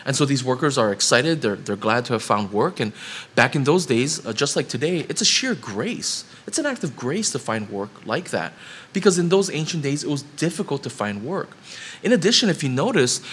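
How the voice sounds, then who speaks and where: A man's voice: a little high, fairly bright tone, breathy edge. A man preaching a sermon, building up to emphatic rhetorical questions.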